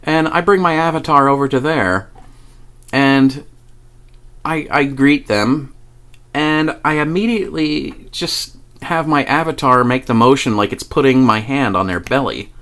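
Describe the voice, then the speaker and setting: A man's voice: mid-range voice, unhurried, fairly bright tone. Man, vlogger, rambling, profane, stumbling restarts, casual storytelling. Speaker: video blogger.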